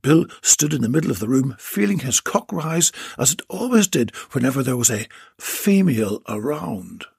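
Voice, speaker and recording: A man narrating a comic adult audiobook in a slow, drawn-out reading style on a close mic. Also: medium pitch, very animated, vocal fry, a little mellow, breathy edge, dry recording.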